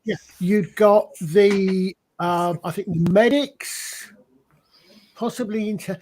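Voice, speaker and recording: A high-voiced Scottish man in casual panel chat. He rambles, stops, and restarts his sentences as he works toward his point. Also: slow, darkish tone. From Scotland. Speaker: panel member.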